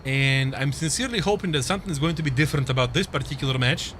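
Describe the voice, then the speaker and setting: A man's voice: medium pitch, very fast, fairly bright tone, a little hiss or hum. A man with a Russian accent giving casual, joking live esports commentary and chatting with viewers, laughing often. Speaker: esports caster.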